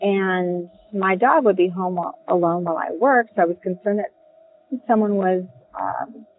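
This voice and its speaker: A woman telling a personal ghost story in a casual, halting way, with many ums and restarts. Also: mid-range voice. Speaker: caller sharing a ghost story. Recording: tinny phone line.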